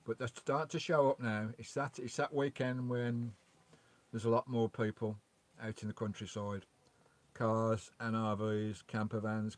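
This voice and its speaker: A man hosting a casual live stream outdoors by a loch, chatting away and greeting viewers as he reads their messages, on a remote mic. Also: lowish voice. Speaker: vanlife livestream host. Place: outdoors by a loch beside his van. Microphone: remote microphone.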